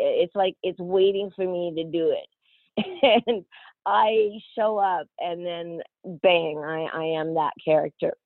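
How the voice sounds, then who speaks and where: A woman's voice: lowish voice, dry recording. Storytelling woman over a tinny line. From Australia. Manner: animated, laughing, quotes other voices. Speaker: actress guest. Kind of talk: casual interview storytelling. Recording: tinny phone-like line, dry.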